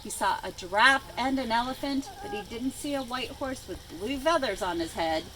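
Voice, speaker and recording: A woman librarian reading a picture book aloud to children outdoors by a chicken coop, with expressive storytelling. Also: fairly high pitch, normal speed, low-quality recording. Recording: outdoor noise with farm animals.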